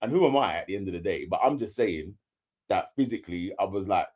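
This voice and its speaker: A man's voice: deep voice, expressive, fast, darkish tone, husky. A man co-hosting a casual chat, teasing and blunt. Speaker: co-host reviewing a reality show.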